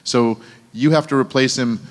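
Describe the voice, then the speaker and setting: Animated male voice actor telling stories. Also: medium pitch, moderate pace. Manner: animated, acts out quoted people in shifting voices. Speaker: voice actor panel guest. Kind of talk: anecdotal convention panel storytelling. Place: convention panel room. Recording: convention hall with long reverb.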